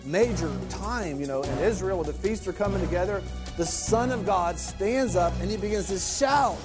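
A man's voice: high voice, moderate pace. A man preaching a sermon in an emphatic way, repeating key phrases and leaning hard into quotes. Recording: sermon over a music bed.

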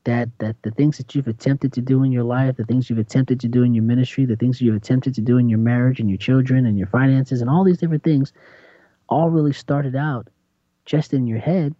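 A man preaching in a conversational sermon, animated and acting out voices with big jumps in pitch. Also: brisk, no echo. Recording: dull lo-fi sound.

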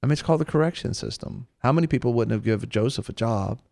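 A man's voice: medium pitch, fast talker, gravelly, no room sound, studio quality. A man with a Southern American accent hosting a faith talk show, chatting casually and acting out the quotes in his stories. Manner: animated storyteller, acts out quotes. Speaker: radio show host.

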